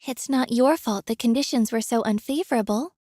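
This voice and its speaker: A woman's voice: a little high, fairly quick, dark tone, no echo, studio quality, close to an everyday voice. A young woman voicing a kind florist in a game, friendly and chatty with her customers. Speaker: florist shopkeeper. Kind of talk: game voice acting.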